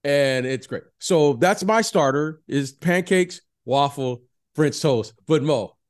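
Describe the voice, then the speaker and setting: Co-host, male, higher voice with a very lively melody, animated and repetitive chat. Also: takes it slowly. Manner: animated, repeats himself, keeps addressing his co-host. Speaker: podcast co-host. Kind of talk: casual chat.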